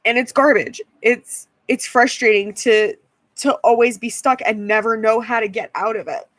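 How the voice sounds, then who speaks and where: A woman's voice: a little high, fairly even intonation, moderate pace, a bit bright, no room sound. Weary, frustrated young woman vlogging. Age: 20s. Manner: frustrated, tired, repeats herself. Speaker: YouTuber. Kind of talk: frustrated vlog rant.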